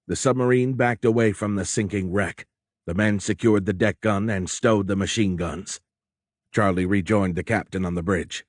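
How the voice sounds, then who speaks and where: A male narrator reads a war novel in a measured, steady storytelling manner. His voice sits fairly low, and the studio recording is close and completely dry. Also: no room sound. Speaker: audiobook narrator. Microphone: close studio mic.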